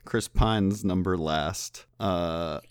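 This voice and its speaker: A man's voice: low-pitched, very slow, clear, resonant tone, dry recording, clean studio sound. A man co-hosting a casual movie podcast, joking in an offhand way. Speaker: podcast co-host.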